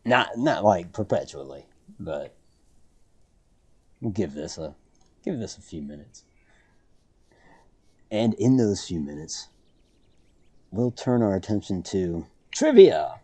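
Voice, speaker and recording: A man's voice: deep voice, very animated, takes it slowly, pauses often, dark tone, husky. A man streaming a game, telling a rambling story with dry humor and frequent self-corrections. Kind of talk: casual storytelling while streaming.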